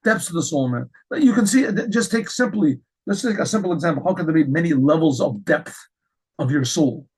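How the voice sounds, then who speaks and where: Man, rabbi, Torah lesson, husky voice, slightly high pitch, animated storytelling, restarts. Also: brisk, poor audio. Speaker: rabbi teaching.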